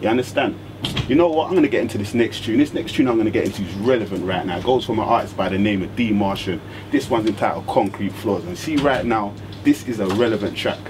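A man's voice: lowish voice, quick pace, lightly acted. A man playing a radio DJ who talks earnestly and emotionally and repeats himself. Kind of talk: scripted radio show monologue. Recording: noisy background hiss.

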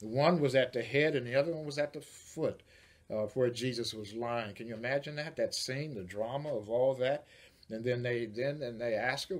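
A man's voice: medium pitch, normal speed. Male pastor preaching a sermon. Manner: builds from quiet reflection to loud preaching.

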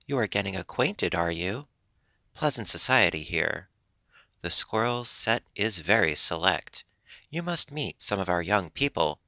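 Nosy, fussy old squirrel gentleman, gravelly and bright, read by a male narrator. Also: deep voice, very animated, no room sound, full character voice. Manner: gossipy, quick and nosy.

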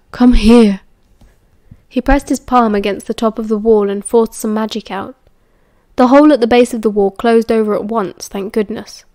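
A woman with a British accent narrating an audiobook in a steady, measured read. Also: a little high, dry recording. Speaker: audiobook reader.

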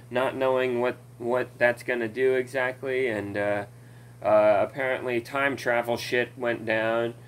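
A man's voice: mid-range voice, slight background noise, rough recording. A man ranting casually about a video game, rambling and swearing, with many fillers and laughs, recorded at home on a desk mic. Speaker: gaming commentator.

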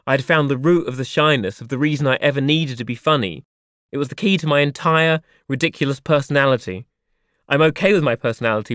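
Guy reading his memoir, quiet and wry, super dry booth sound. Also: medium pitch, no echo. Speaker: audiobook narrator.

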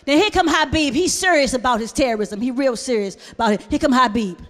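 A woman performing a stand-up comedy set on stage, talking straight to the crowd in a loud, animated way. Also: high voice, quick pace, big-room sound. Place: comedy stage before a live audience. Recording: live crowd and room noise.

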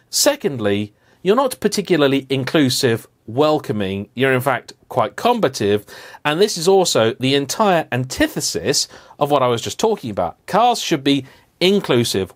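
Animated man ranting about cars. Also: mid-range voice. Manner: animated, emphatic, playfully indignant. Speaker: car vlogger host. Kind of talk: humorous rant to camera.

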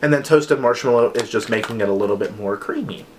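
A young man talks casually to his viewers, rambling along and dropping "like" every few words. His voice sits at an everyday pitch. A faint hum of room ambience runs underneath. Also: quick pace. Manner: chatty, rambling, says "like" often. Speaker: vlogger reviewing wax melts. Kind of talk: casual chat to camera.

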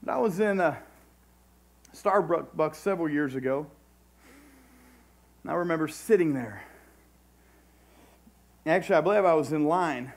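A man pastor telling a personal story in a sermon, moving between quiet retold conversations and raised, urgent exhortation. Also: on the high side, unhurried, long pauses.

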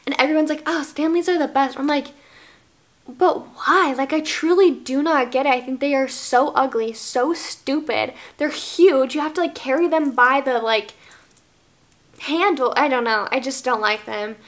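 A young woman in her early twenties from the United States, chatting to her camera at home. Her voice sits high, and her talk is bubbly and gushing, full of "like" and little fillers. The sound comes from the camera's own microphone. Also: moderate pace. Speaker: vlogger. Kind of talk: casual favorites vlog.

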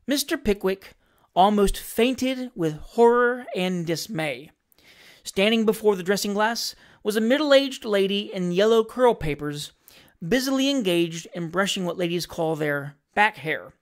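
A classic novel is voiced by a woman narrating an audiobook; her mid-range voice stays measured yet expressive as she tells the story.

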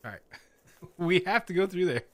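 A man's voice: high-pitched, animated, normal speed, no room sound. A man playing a horror game, nervously commenting, laughing and swearing as he goes. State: scared, on edge. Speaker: gaming channel host.

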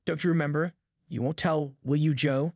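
Man reading as a frightened drunk old backwoodsman, rambling pleas, fairly high voice, dry sound. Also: fairly even intonation, moderate pace, no echo. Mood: pleading. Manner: pleading, rambling rustic talk.

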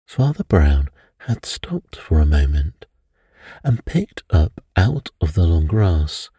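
Slow, deep-voiced male bedtime narrator. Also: big pitch swings, mellow, husky, no room sound, clean studio sound.

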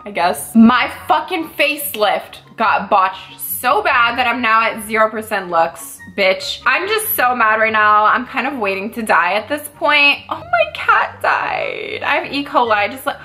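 A woman's voice: fairly high pitch, expressive, measured pace, hardly any pauses, sharp tone, soft background music. A woman giving casual, playful commentary on a life-sim game, with dramatic outbursts and frequent swearing.

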